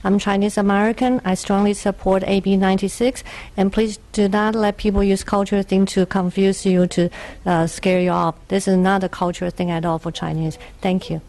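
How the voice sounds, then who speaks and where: Woman group founder testifying, gravelly voice, flat and insistent. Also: mid-range voice, a little fast. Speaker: founder of an animal welfare group. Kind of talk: brief public testimony.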